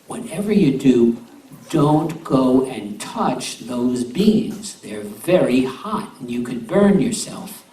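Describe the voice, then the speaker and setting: A man playing a kind old grandmother who gives slow, low warnings, in a told folk tale. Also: animated, dark tone. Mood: cautioning. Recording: echoey room, distant mic, noisy.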